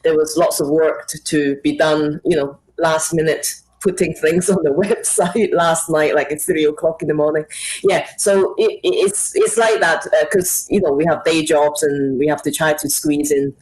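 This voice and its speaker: Female musician guest, lowish pitch, friendly, chatty. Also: steady tone, moderate pace, darkish tone, low-quality recording. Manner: friendly, explaining with restarts and light laughs. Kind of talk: casual interview chat.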